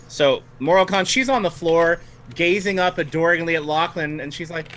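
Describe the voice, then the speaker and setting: Dm guy narrating the fight, friendly, bright voice, kinda high. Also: normal speed, a little hiss or hum. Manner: friendly, narrates turns, laughs often. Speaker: game master. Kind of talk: running a tabletop game.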